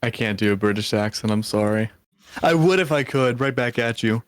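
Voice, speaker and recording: A man casting a live esports match, chatty and upbeat and quick to joke, speaking over a headset mic. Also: medium pitch, clean tone, dry recording, clean studio sound. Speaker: esports caster.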